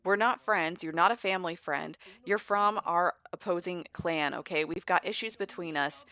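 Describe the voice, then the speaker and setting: Indignant vampire dad, voiced by a woman: firm, loud, exasperated. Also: on the low side, normal speed. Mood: angry. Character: protective young vampire husband and father, indignant. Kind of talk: voicing game characters.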